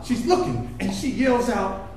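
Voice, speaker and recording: A man performing stand-up comedy, telling a story in an animated, profane way and laughing often. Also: very high voice, measured pace, crowd noise. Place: live venue stage. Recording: echoey room from far off, noisy.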